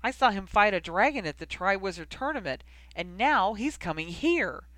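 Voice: mid-range voice, animated, normal speed, a bit bright, clean tone, no echo, lightly acted. Cheeky eager young man, narrator doing him, punchy dry read. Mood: excited.

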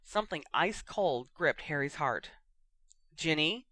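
Bright crisp storyteller reading a fanfic, dry close mic. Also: medium pitch, expressive, normal speed, dry recording. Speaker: audiobook narrator. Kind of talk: fan fiction audiobook narration.

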